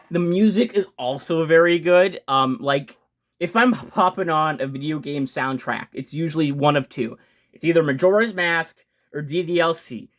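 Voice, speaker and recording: Excitable young man gushing about games. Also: fairly high pitch. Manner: excited, gushing, swears casually; fast-talking with frequent restarts. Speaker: video game channel host. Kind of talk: casual game ranking vlog.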